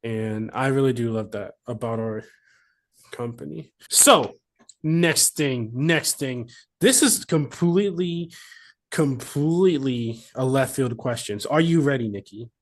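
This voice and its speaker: A woman's voice: extremely low pitch, a little slow. A woman hosting a casual interview chat, playful, laughing through her stories. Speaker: podcast host.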